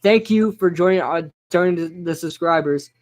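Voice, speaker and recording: A young man casually reacting live to a football game, chatting with viewers and shouting out their names. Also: on the high side, moderate pace. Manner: excitable, chatty, reads out chat names. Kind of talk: casual live-stream commentary.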